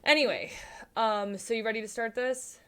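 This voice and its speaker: A woman's voice: on the high side, normal speed, pushed and bright, smooth. A young woman hosting a casual reaction chat, gushing and emotional, full of "um" and "like". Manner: gushing, emotional, many fillers like "um" and "like". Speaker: host.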